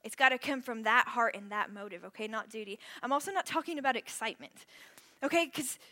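Young woman youth pastor, high bright voice, energetic preaching that drops to hushed earnest prayer. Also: fast talker. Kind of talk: youth sermon.

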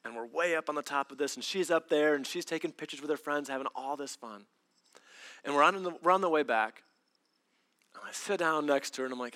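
A man delivers a storytelling sermon in a bright, forward tone that sits a little high. He acts out quoted lines as he goes and repeats words for emphasis. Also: a little fast.

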